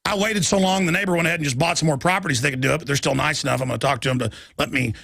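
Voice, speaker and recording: A man's voice: fairly high pitch, fairly even intonation, very fast, vocal fry, fairly bright tone, no echo, studio quality. A middle-aged man hosting a radio show, ranting in a fiery political monologue and mocking his opponents in put-on voices.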